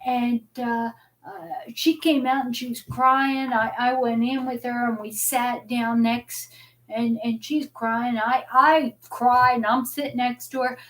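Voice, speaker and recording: A woman's voice: a little high, fairly even intonation, a little slow, a bit bright. A middle-aged woman hosting a live talk stream, rambling and often repeating words as she restarts her sentences. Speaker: host.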